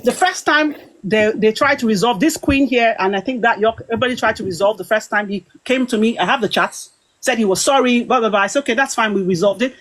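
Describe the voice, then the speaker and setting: A woman's voice: fairly high pitch, fast talker. British woman retelling a heated dispute. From Britain. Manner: animated, aggrieved retelling with quoted exchanges. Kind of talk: casual storytelling to viewers.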